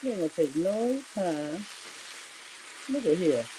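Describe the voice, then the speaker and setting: A chatty middle-aged woman hosts a cooking livestream from her home kitchen, her voice sitting on the low side. She talks right to her viewers and drifts into asides as she works. The mic is set back across the room, and faint kitchen clatter sits underneath. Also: big pitch swings, unhurried, warm tone, recorded from a distance, a little hiss or hum, rough recording. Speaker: home cook livestream host.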